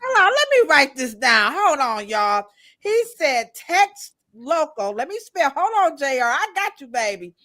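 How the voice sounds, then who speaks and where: A woman co-hosting a live-stream podcast, chatting casually and shouting out viewers in the chat by name. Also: sits high, very animated, a little slow. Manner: casual, slangy American speech. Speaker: podcast co-host.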